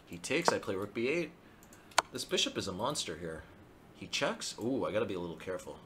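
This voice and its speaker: Low animated man narrating his chess game. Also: a little fast, heavy background noise. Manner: thinks aloud, excitable, self-mocking. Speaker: chess streamer. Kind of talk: live chess commentary.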